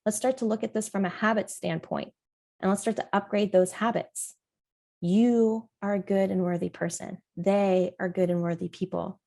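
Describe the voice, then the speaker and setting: A woman's voice: medium pitch, fairly even intonation, moderate pace, creaky, mellow. A middle-aged woman hosting a parenting podcast, talking alone in an earnest, encouraging way. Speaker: parent coach and podcast host. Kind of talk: solo podcast talk.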